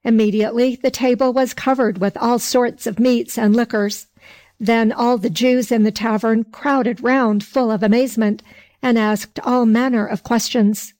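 A woman narrating a folk tale in a slow storybook reading with old-fashioned phrasing. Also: fairly high pitch, fairly even intonation, darkish tone.

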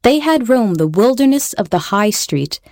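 A woman's voice: on the high side, sing-song, moderate pace, a little mellow, no room sound, clean studio sound. A woman reading a children's storybook aloud, playful, with wry asides to the listener.

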